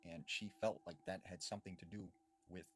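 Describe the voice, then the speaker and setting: A man's voice: deep voice, a little fast, slight background noise. A man narrating a spooky story in a conversational way, with casual fillers. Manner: conversational, animated, with fillers like "you know". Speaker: horror storyteller. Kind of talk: spoken horror story narration.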